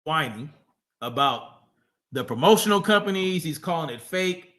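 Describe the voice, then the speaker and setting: A man's voice: on the high side, expressive, normal speed, a bit bright. A man hosting a livestream, reacting to a clip with profane, mocking casual commentary. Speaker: livestream host.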